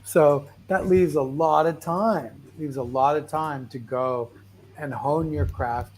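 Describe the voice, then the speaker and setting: Slow and a little high, the man's voice comes with faint music in the background. He's running a casual motivational talk, rambling through tales loaded with "like" and "right?" and frequent restarts, telling them in a restless, animated way.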